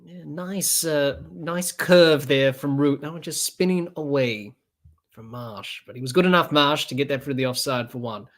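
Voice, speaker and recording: Man calling cricket, casual and halting. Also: on the high side, fairly bright tone. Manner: unscripted, halting with fillers and restarts. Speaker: podcast host doing live match commentary. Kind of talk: casual play-by-play cricket commentary.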